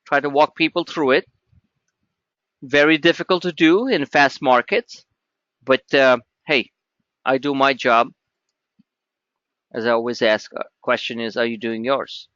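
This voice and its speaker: A man's voice: medium pitch, a little slow, pauses often, sharp tone, no echo, dull audio. A man hosting a live trading webinar, talking emphatically and repeating himself as he walks viewers through charts. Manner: emphatic, repetitive, talks straight to viewers.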